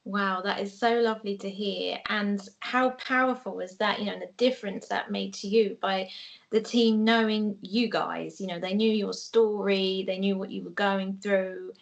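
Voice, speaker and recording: A woman hosts a podcast interview with a noticeably gravelly, creaky voice. She affirms her guests and gently asks what made a difference to them. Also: medium pitch, fairly even intonation, moderate pace, lo-fi sound. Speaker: podcast host. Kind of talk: interview questions.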